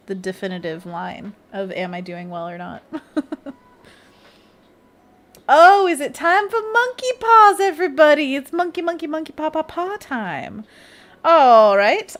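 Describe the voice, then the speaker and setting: Woman, stream host, casual chat while drawing, giggly, talks to herself, faint noise behind. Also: mid-range voice. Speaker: illustrator hosting a livestream.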